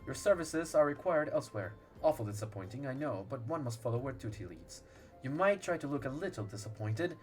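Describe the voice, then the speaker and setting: A man's voice: mid-range voice, very animated, a little fast, darkish tone, soft background music, natural voice. A man voicing a dry, teasing male commander, reading game dialogue aloud in formal speech.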